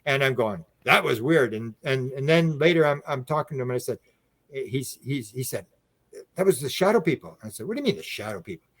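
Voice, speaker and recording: Animated man telling a story. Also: mid-range voice. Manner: animated, acts out quoted speech with raised voice; halting, frequent restarts and repeated words. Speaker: podcast guest, UFO researcher. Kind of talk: casual storytelling.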